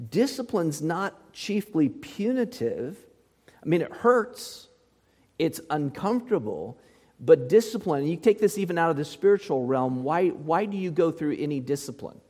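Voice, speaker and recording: A man's voice: on the high side, big pitch swings, moderate pace, darkish tone, slightly rough, long reverb tail. A male pastor preaching a sermon in a conversational way, often putting rhetorical questions to his listeners.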